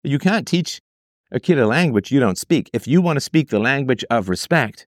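Here a host reads out a parent's letter and argues against it, animated and moving at a moderate pace with a medium-pitched voice. He relies on rhetorical questions and mocking versions of the quoted voices, captured in studio quality without room sound.

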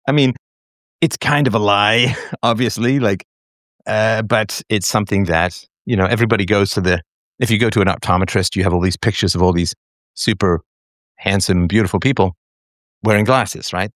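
A man hosting a call-in show, talking in a measured, reflective way with fillers and repeated phrases. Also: lowish voice, fairly bright tone, no echo, studio quality. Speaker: show host taking callers.

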